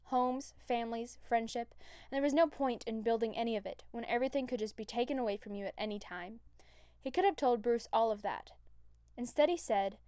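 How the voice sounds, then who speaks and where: Woman story reader, slightly high voice; calm, even narration, dry close mic. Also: clear, resonant tone, dry recording. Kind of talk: fiction reading.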